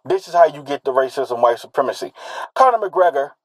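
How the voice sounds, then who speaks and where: A man with a somewhat high voice, giving a heated solo commentary. He stresses words slowly, repeats himself and keeps asking rhetorical questions. The sound is dry and close. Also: expressive, dry recording, rough recording. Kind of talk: solo social commentary monologue.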